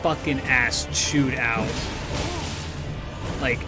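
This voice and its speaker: A man's voice: medium pitch, fairly even intonation, extremely slow, music in the background. A man streaming a game while telling a story in a rambling, profane way, full of restarts. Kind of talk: casual storytelling while gaming.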